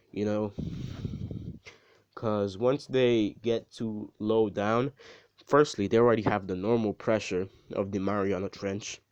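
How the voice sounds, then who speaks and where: A man with a somewhat low voice spins a story in a loose, casual way, full of restarts, fillers and swearing. The recording is dry and close. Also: darkish tone, no room sound, highs cut off. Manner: rambling, profane, lots of fillers and restarts. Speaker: video creator.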